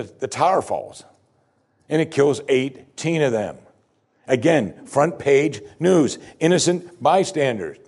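A man's voice: medium pitch, a little mellow, husky. A man preaching a sermon, reading scripture aloud and explaining it with rising and falling emphasis. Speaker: pastor.

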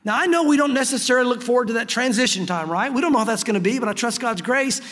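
A pastor preaching a sermon earnestly, slowing down to stress key phrases. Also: male voice, very high voice, expressive, a bit bright, long reverb tail.

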